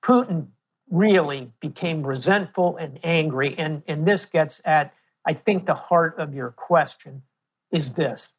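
Give me a man answering interview questions with measured, story-like historical explanations. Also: a little high, slightly rough. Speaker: guest, political historian.

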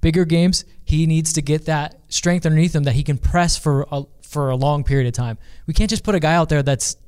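A man's voice: on the high side, fairly quick, darkish tone, clean tone. A man co-hosting a soccer talk show, emphatic and casual, often starting with "look". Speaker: co-host and team reporter. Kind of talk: casual sports chat.

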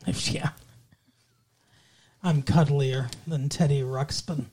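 A man's voice: fairly high pitch, steady tone, slow pace, warm tone, slight background noise. Joking man co-hosting a podcast. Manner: joking, tells crude jokes and laughs often. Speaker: podcast co-host. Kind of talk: casual podcast chat.

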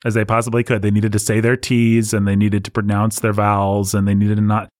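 A man with a low voice talks through film history in a relaxed, rambling way. He restarts his sentences often. The sound is dry and close. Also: brisk, no room sound. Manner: talkative, explanatory, many restarts. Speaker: podcast host. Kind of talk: casual film discussion.

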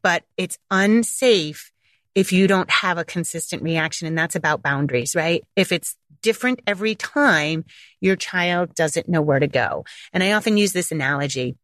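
Animated woman parenting coach. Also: normal speed, dry recording, studio quality. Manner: animated, acts out quotes with big pitch jumps. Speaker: parenting coach, podcast host. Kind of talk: casual monologue podcast.

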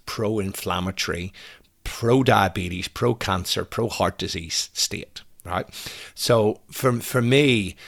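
A man talking in a casual podcast interview as a fasting expert, animated, with many stammered restarts and "right?" checks. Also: deep voice, creaky. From Britain. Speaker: fasting and fat loss expert guest.

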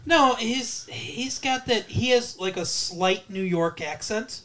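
A man co-hosting a casual movie-review podcast, playful and rambling, slipping into quick silly voices. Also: high voice, fairly bright tone. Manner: playful, rambling, breaks into bits of funny voices. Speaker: podcast co-host.

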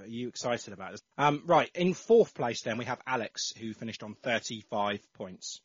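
Male podcast host, breathy tone, dry close sound, slightly dull recording, casual chat. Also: mid-range voice, no room sound. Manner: reads out listener entries with many fillers.

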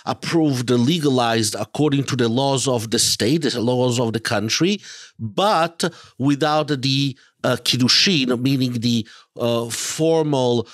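A man who is a rabbi, speaking in a panel discussion in a measured way and pausing often on "uh". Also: mid-range voice, fairly bright tone, no echo. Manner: measured, with frequent "uh" pauses.

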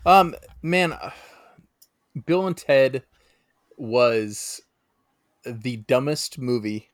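A man co-hosting a casual podcast who speaks in a measured, hesitant way with many uhs. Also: medium pitch, lively intonation, dry recording, studio quality. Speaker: podcast co-host.

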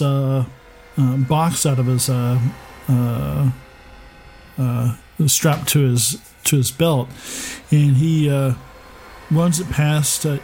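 A man running a tabletop game as game master, narrating in a halting way with many pauses. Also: on the high side, dark tone, slight background noise, rough recording.

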